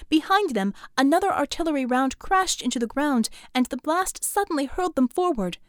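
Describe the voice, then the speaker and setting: A woman's voice: high-pitched, expressive, brisk, dry recording, clean studio sound. Woman narrating an audiobook. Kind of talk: scripted narration.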